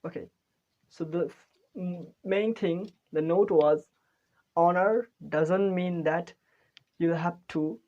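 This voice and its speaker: A woman hosting an English lesson, explaining grammar rules in an unhurried way and correcting herself as she goes. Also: lowish voice, mellow, highs cut off. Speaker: English teacher, channel host.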